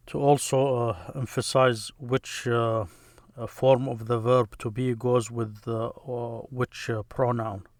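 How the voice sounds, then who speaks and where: Slow, halting man teaching a language. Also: medium pitch, no echo. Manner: slow and halting, many fillers, repeats words for drilling. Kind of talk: slow explanatory lesson.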